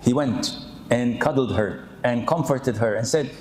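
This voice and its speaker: A man preaching an animated, humorous sermon, often acting out the people he quotes. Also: mid-range voice, moderate pace. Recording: echoey room.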